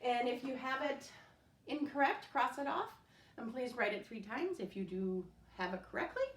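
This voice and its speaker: A woman's voice: a little high, expressive, moderate pace, recorded from a distance. A woman teaching a recorded spelling lesson at home, patiently sounding out words letter by letter. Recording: echoey room, voice off-mic.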